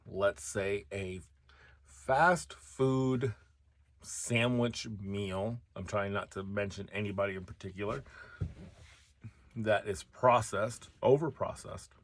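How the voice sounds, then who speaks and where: Earnest middle-aged man, low voice. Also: dry recording. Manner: earnest, conversational, pausing with fillers. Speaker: host. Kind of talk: casual solo talk.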